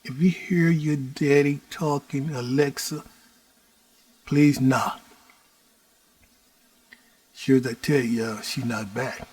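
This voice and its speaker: Slow, husky man telling his story. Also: mid-range voice, fairly even intonation, a little mellow, dry recording. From Houston, Texas. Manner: slow preaching cadence, repeats "y'all" constantly. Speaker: storyteller host. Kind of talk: personal storytelling monologue.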